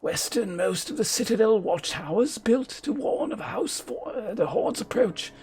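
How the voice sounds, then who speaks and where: A man puts on a pompous noble knight whose voice is pushed well above his own, swooping and lively as he hands out orders. The delivery is lofty and archaic, read aloud from a game's dialogue with theatrical relish. It sounds like a strained, exaggerated put-on voice. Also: high-pitched, moderate pace, breathy edge, pitched above the performer's own voice, full character voice. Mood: haughty. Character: pompous high-born male knight giving orders.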